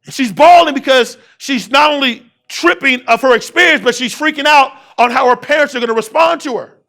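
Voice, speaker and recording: A man's voice: very high voice, fairly quick, vocal fry. A man in his thirties giving a motivational keynote on leadership, prompting the audience to repeat words and driving points home with emphatic repetition. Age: 30s. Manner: call-and-response with the audience, rising to shouts. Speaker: keynote speaker.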